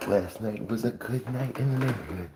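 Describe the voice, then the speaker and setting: A man's voice: normal speed, very noisy. A man vlogging casually outdoors on a cattle farm, talking in a playful, slangy, teasing way. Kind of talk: casual vlog chat. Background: cattle lowing nearby.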